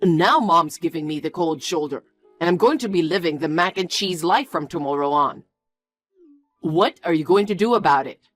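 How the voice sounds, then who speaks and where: A woman's voice: on the low side, moderate pace, faint music behind, lightly acted. A woman voicing a defensive, bossy young man who talks in a curt, scolding way. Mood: irritated.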